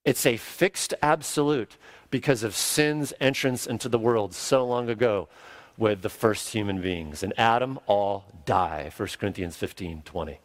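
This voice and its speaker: A man's voice: fairly low pitch, measured pace, no room sound. Emphatic male preacher, dry sound. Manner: emphatic, repeats key words for stress. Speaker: pastor. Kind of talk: sermon.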